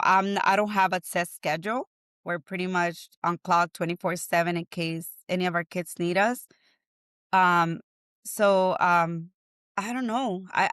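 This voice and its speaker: Animated woman telling stories. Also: fairly low pitch, clear, resonant tone, dry recording, clean studio sound. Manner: animated storytelling with laughs and acted-out quotes. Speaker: guest, family advocate. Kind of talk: casual interview conversation.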